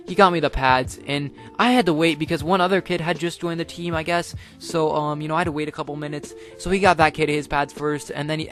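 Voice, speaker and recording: A man's voice: a little high, fairly bright tone. A teenage boy telling a casual storytime tale, rambling along with lots of filler words. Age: teens. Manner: rambling, full of "like" and "you know" fillers. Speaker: vlogger.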